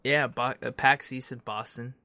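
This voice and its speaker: A man's voice: medium pitch, steady tone, moderate pace, sharp tone, no room sound. A young man co-hosting a podcast, chatting casually, joking and swearing freely. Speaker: podcast co-host. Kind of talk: casual chat.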